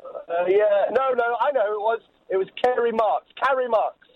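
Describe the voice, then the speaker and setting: A man phoning in to a radio show, excitable and rambling with little to say. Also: very high-pitched, moderate pace, dry recording. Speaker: caller. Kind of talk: casual phone-in chat. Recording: dry muffled phone line.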